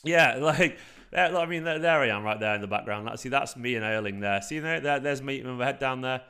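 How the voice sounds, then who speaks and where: A young man from South Manchester with a light Manc twang talks through a live stream in a loose, rambling way. He swears freely and fills gaps with "like" and "um", sitting at a middling pitch for a man. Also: brisk, clean tone. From South Manchester, England. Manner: rambling, animated, swears freely, frequent fillers. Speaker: football fan channel host. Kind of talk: casual live-stream chat.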